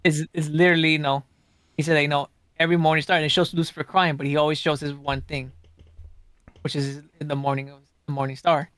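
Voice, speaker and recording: Guy guesting on a podcast, smooth clear voice, kinda high, rambles and repeats himself. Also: level tone, fast talker, fairly bright tone, no echo. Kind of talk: casual chat.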